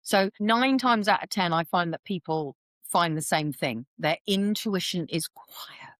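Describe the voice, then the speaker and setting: A woman's voice: lowish voice, unhurried, no echo. A woman, a guest explaining things chattily in a podcast interview and acting out quoted voices as she goes. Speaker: intuitive reader, podcast guest.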